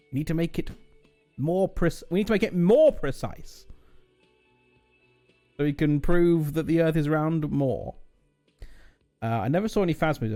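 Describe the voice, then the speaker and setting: A man's voice: a little high, dark tone. A man streaming a game, chatting casually with joking, rambling asides. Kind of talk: casual gaming commentary.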